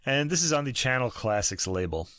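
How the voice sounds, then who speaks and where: A man in his fifties talks casually as a podcast co-host. He rambles, restarts his sentences and chuckles often. His voice sits at a middle pitch, recorded close and dry with no room sound. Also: sing-song, fairly quick, bright, forceful tone, dry recording. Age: 50s. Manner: rambling, self-correcting, chuckling. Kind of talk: casual chat about classical music.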